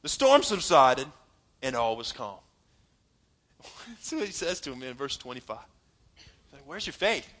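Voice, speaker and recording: A man's voice: medium pitch, sing-song, unhurried, long pauses, a bit bright. A man preaching a sermon in an emphatic, conversational way, laughing now and then as he talks to his congregation. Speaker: pastor.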